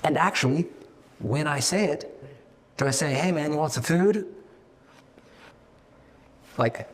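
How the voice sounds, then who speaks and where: A middle-aged man, a company founder, talking fast and casually to his staff, swearing freely and acting out little voices as he goes. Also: on the high side, long reverb tail. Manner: fast, profane, animated, acts out voices. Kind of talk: casual meeting talk to staff.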